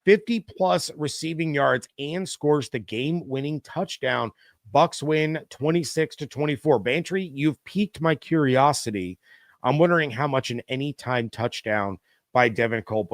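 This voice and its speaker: A middle-aged man hosts a loose, chatty live stream about sports, reading viewer comments aloud with frequent "um"s and "uh"s. His pitch is ordinary and mid-range, and he talks at a normal speed. The recording is dry and close, with no sense of a room.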